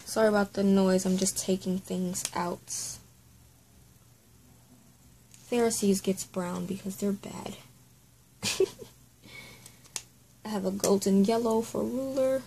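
A woman's voice: mid-range voice, steady tone, measured pace, gravelly, long pauses, mellow, slight background noise, rough recording. A woman hosting a casual Bible study at home, chatty and apologetic, spelling out words letter by letter.

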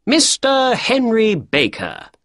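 A man reading the part of a quick-witted detective in a storybook, his voice lifted well above the reader's own and bright with energy. He talks crisply and briskly, up and down in pitch, in a dry, close sound. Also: huge pitch swings, no room sound, heavily acted. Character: brisk clever male detective, middle-aged.

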